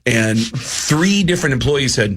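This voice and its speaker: A man who is a comedian guest on a talk show, telling animated stories in casual chat and slipping into voices. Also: medium pitch, measured pace.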